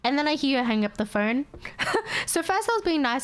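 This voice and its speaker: A woman's voice: high-pitched, expressive, moderate pace, pauses often. Exasperated woman streamer, swearing freely. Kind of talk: casual storytelling to stream chat.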